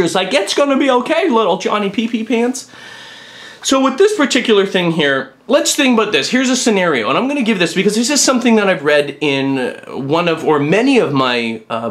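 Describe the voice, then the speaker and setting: Middle-aged male vlog host, fairly high pitch, blunt and opinionated, rants straight to camera. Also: fairly bright tone. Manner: blunt, ranting, mocks others in put-on voices. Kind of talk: opinionated monologue.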